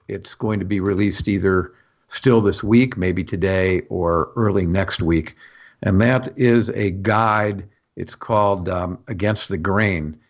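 A man's voice: on the low side, dull audio. A man from Wisconsin, a guest on a radio show, explaining earnestly with many fillers and restarts. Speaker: guest from a farm policy institute. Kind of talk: radio interview.

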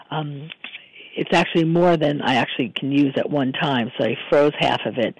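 Hoarse radio host, dry close sound. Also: male voice, a little high, no echo, low-quality recording. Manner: relaxed, with many ums and restarts. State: hoarse from losing his voice. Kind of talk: casual radio talk, recipe and guest intro.

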